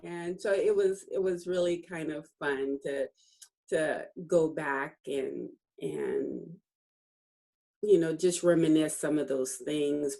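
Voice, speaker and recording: A middle-aged woman, a guest author, telling a personal story in a casual interview, acting out the dialogue and laughing often as she remembers. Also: low-pitched. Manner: animated storytelling, acts out quoted dialogue; laughs often while recalling.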